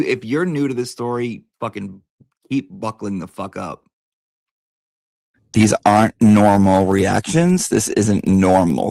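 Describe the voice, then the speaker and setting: A lower-pitched man tells a story straight to the camera in a casual, emphatic vlog style. He swears freely and keeps circling back with little asides. The sound is dry and close. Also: gravelly, darkish tone, no echo. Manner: emphatic and profane, with lots of asides. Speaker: vlogger.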